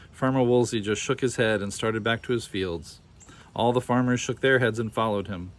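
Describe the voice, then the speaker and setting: A man reading a children's picture book aloud with expressive, animated storytelling. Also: medium pitch, normal speed. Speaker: storybook reader.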